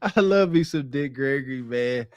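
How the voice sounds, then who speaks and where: A male podcast host who mocks and jokes his way through reaction commentary. His pitch swings widely from high to low as he teases, and the sound is close and dry with no room echo. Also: moderate pace. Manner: mocking, animated.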